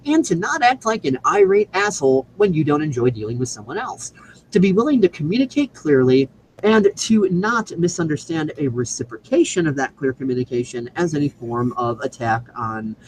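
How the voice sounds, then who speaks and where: A man's voice: on the high side, big pitch swings, moderate pace, slight background noise, low-quality recording. A man hosting a show, delivering an emphatic, preachy scripted monologue with casual profanity. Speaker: show host.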